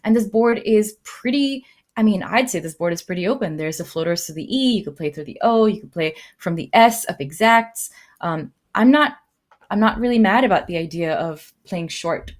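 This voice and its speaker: A woman giving live commentary on a board game, thinking aloud with many fillers and lively jumps in her voice. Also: medium pitch, moderate pace. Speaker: tournament commentator.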